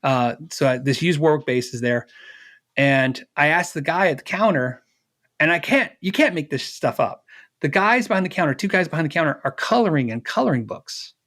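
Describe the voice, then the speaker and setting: A man's voice: on the high side, animated, normal speed, a bit bright. A middle-aged man, a guest on an interview, telling a personal story casually, acting out the dialogue with fillers and laughs.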